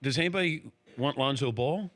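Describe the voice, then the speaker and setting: A man hosting a casual interview, firing quick questions and laughing often. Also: medium pitch, a bit bright. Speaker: host.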